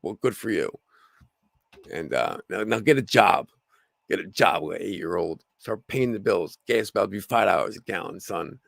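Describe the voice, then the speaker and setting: A slightly hoarse man with a gravelly voice hosting a casual livestream, rambling with lots of fillers and restarts. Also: sits low, expressive, moderate pace, fairly bright tone, no room sound. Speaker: livestream host.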